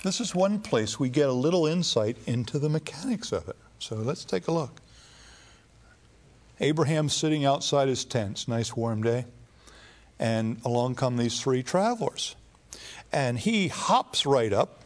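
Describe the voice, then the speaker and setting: A man preaches a sermon at a middling pitch, retelling scripture as a relaxed, conversational story. He talks plainly with the odd filler and restart, as though chatting with a congregation. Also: measured pace.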